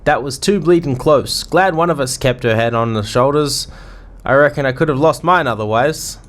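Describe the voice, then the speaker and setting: A man reading aloud the lines of a gruff male ship's crewman in a game, using folksy sailor slang and now and then stumbling over words. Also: mid-range voice, moderate pace, fairly bright tone, lightly acted. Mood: relieved.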